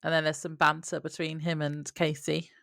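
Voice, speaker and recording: A woman's voice: low-pitched, little pitch movement, moderate pace, gravelly, a bit bright, dry recording, clean studio sound. A woman co-hosting a podcast, recapping a TV episode in casual chat and laughing often. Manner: laughs often, brief agreeing replies. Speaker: podcast co-host.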